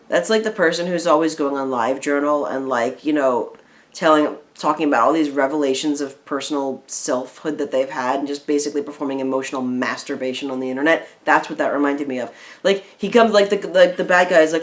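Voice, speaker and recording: A woman co-hosting a casual film review chat, retelling the plot in a rambling, animated way full of fillers. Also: low-pitched, fairly quick.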